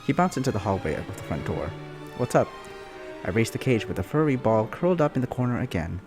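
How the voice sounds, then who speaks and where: A man with a low voice reads fan fiction aloud for laughs. His pitch swings widely as he stops to react and comment. Faint music sits underneath. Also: fast talker. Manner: animated, breaks off to laugh and comment. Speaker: YouTuber reading fan fiction. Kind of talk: comic reading with live reactions.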